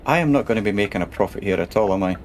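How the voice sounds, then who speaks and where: A man's voice: on the low side, lively intonation, racing, a little hiss or hum. A man casually commenting while he plays a truck game on a stream, chatty and muttering to himself.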